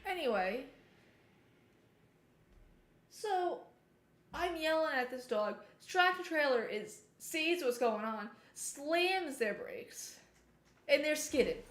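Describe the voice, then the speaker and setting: A chatty woman streamer with a slightly high voice tells a long story as she plays, animated and breaking off now and then to comment on the game. Her voice sounds roomy, with a clear echo around it. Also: unhurried. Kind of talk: casual storytelling while gaming.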